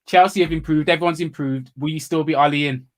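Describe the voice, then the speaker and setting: Slightly high-voiced man co-hosting football chat. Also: fairly even intonation, quick pace. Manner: agreeable, hedging, asks what-if questions. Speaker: podcast co-host. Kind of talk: casual live football chat.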